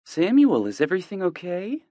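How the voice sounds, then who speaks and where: A man's voice: high voice, huge pitch swings, normal speed, mellow, no echo, voice pushed up. A man doing a worried, fussing mother. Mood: worried, curious. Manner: anxious, questioning. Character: worried caring middle-aged mother.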